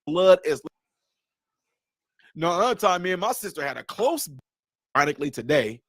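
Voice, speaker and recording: A man's voice: high-pitched, very animated, moderate pace, fairly bright tone, no room sound, studio quality. A man hosting a casual livestream, talking straight to his viewers, repeating his points emphatically. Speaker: livestream host.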